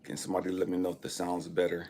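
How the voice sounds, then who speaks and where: A man's voice: low voice, completely flat delivery, rapid-fire, gravelly, dark tone, slight background noise. A nervous man hosting a casual motivational live stream on his phone, repeating himself and often saying "man" and "you know what I mean".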